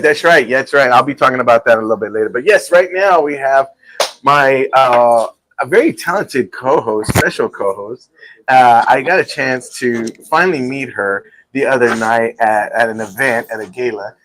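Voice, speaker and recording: A man's voice: medium pitch, normal speed, fairly bright tone, low-quality recording. A man hosting a live talk show from a restaurant, telling rambling stories and laughing often. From Texas. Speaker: show host.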